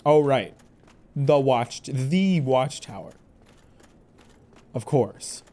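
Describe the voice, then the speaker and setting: Speaking very slowly, a man with a medium-pitched, dark, expressive voice provides live gameplay commentary. He jokes throughout, mocking the boss and characters and answering back to the game.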